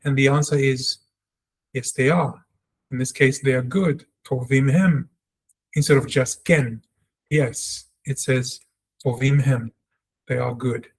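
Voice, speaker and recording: A man's voice: mid-range voice, steady tone, normal speed, pauses often, breathy edge. A man teaching a language lesson, reading example sentences aloud and explaining them step by step, repeating sounds for practice. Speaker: Hebrew teacher.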